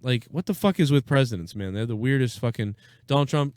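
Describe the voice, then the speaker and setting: A young host reacts to politics on a live stream, his mid-range, darkish voice animated and fairly quick. He's blunt and sarcastic and swears a lot, on a dry recording.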